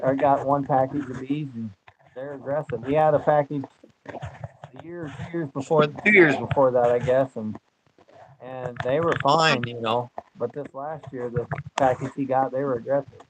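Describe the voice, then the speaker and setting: A man's voice: medium pitch, steady tone, normal speed. An older man, chatting in a rambling, folksy way as host of a homesteading channel. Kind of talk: casual chat. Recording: dull lo-fi sound, faint noise.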